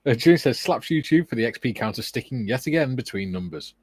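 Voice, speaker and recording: A man co-hosting a relaxed hobby session, reading viewer comments aloud in an easygoing way. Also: mid-range voice, a little fast, slightly rough, no echo. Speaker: co-host reading chat. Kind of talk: casual chat while model building.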